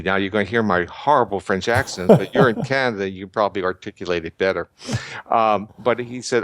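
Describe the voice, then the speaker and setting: An older man giving measured, lecturing explanations as an interview guest, often restarting his sentences. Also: lowish voice, expressive, no room sound. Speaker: guest researcher.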